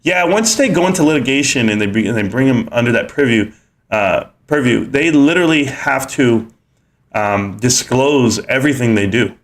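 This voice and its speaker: A man in his thirties hosting a casual live stream, rambling through viewer comments with many fillers and getting higher when excited. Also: moderate pace.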